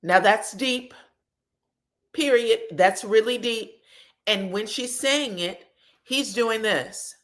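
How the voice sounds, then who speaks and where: A woman's voice: a little high, takes it slowly, long pauses, a bit bright. A woman hosting a podcast, recapping a reality show in blunt, sassy casual commentary. She swears freely and acts out the quoted lines dramatically.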